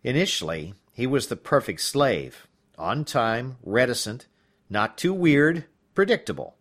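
A man narrating a novel as an audiobook in an expressive storytelling manner. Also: medium pitch, unhurried.

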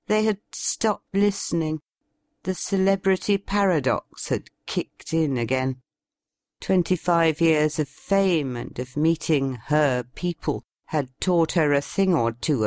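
A woman narrating a story in a measured, expressive storytelling manner. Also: deep voice, no room sound, clean studio sound. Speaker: audiobook narrator. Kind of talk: scripted narration.

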